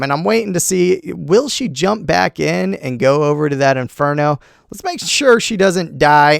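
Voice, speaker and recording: A man commenting on a replay of his own game, animated and self-critical, talking to himself as he goes. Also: on the high side, creaky, clear, resonant tone, no room sound, studio quality. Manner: self-critical, talks to himself while narrating; animated, quick swings between groans and cheers. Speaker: gaming channel host.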